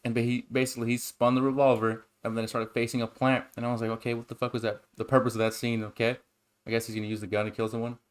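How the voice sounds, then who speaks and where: Young man, casual podcast chat, excitable, cursing, rambling stories. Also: medium pitch, rapid-fire. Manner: profane, excitable, rambling storytelling. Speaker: podcast co-host.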